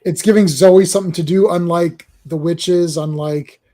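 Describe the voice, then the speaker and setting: A man's voice: sits high, fairly even intonation, moderate pace, mellow. A man hosting a casual podcast chat, rambling and repeating words as he goes. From Canada. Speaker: podcast host.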